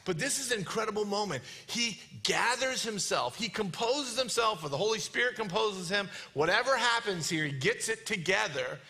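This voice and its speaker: Man, pastor preaching, animated and playful, bright high voice, lots of swing in pitch. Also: moderate pace, hardly any pauses. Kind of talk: sermon.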